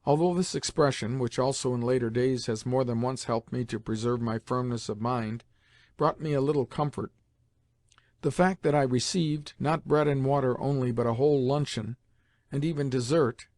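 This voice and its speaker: A man narrates an audiobook in a measured, even way. His pitch is middling. The recording is close and dry, with no room sound. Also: dry recording. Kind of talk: scripted narration.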